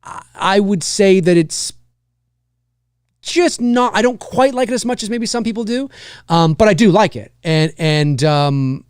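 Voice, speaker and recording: An indie filmmaker hosting a live stream speaks in a high-sitting, animated voice at a measured pace, his tone clear and resonant. He chats casually about films and answers viewers, rambling and correcting himself. The sound is clean studio audio with no room sound.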